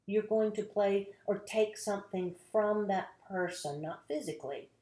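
Brief: woman actress guest, mid-pitched, animated storyteller who acts out the quotes, recorded in an echoey room. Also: normal speed. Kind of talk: casual interview storytelling.

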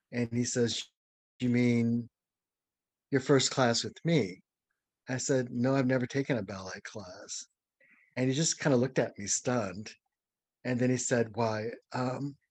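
An older man from St. Louis, a dancer being interviewed, telling a story with lively, acted-out quotes and chuckles. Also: mid-range voice, no echo. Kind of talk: anecdotal storytelling.

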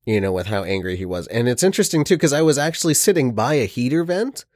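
A man's voice: medium pitch, very animated, fast, darkish tone, no echo, clean studio sound. A man in casual chat, telling an earnest, rambling account.

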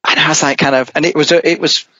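A middle-aged man, a rally driver, telling a long anecdote in casual talk, lively and rambling, with many restarts. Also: fairly high pitch, fast talker, dry recording. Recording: dull, dry podcast audio.

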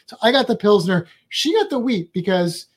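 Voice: mid-range voice, very animated, moderate pace. Rambling, chatty vlog co-host. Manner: rambling and chatty, with playful asides. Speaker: travel vlogger. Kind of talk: casual chat.

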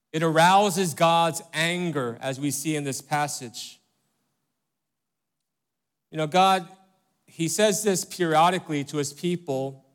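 A pastor preaching a conversational sermon, emphatic and questioning the congregation in church. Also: male voice, on the high side. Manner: emphatic, asks listeners rhetorical questions.

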